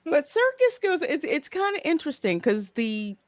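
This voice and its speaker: A woman co-hosts a podcast and retells an interview with weary exasperation. Her voice swings widely in pitch. The recording is dry, with no room sound. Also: big pitch swings, moderate pace, dry recording. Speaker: podcast co-host. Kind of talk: casual chat.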